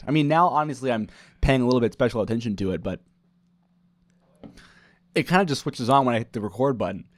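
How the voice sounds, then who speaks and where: A man's voice: mid-range voice, fast, long pauses, no room sound. A young man chatting casually as host of his own podcast in a home kitchen, leaning into a broadcast-style voice. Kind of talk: casual chat to camera.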